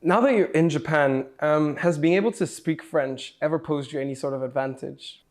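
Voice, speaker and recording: Young man hosting a casual interview; upbeat and chatty, voice a little high. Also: moderate pace. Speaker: host.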